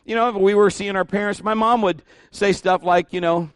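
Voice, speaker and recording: High-voiced animated male preacher. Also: fairly quick, clean tone, dry recording, studio quality. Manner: animated preaching, often rising in pitch and volume, acting out quoted voices; informal and conversational, with restarts and asides. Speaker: pastor. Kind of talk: sermon.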